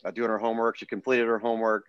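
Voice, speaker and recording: A middle-aged man, a podcast guest, telling a personal story in an earnest, animated way, often restarting his sentences. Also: fairly low pitch, very fast, smooth, no room sound, lo-fi sound. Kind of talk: casual storytelling interview.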